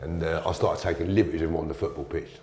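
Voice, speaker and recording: A man's voice: rumbling low, steady tone, very fast, a little mellow, slight background noise. A middle-aged man, a guest telling stories bluntly with plenty of slang and swearing. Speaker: interview guest. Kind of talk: storytelling in conversation. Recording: roomy echo.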